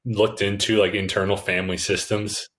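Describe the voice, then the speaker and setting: Deep-voiced man hosting a podcast. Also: level tone, moderate pace, a bit bright. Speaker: podcast host. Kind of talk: casual podcast conversation.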